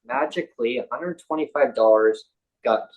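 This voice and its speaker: A man's voice: medium pitch, moderate pace, narrow, tinny audio. Canadian man telling a story animatedly. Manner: animated, acts out quoted voices of others. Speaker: guest on a talk show. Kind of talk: casual conversational storytelling.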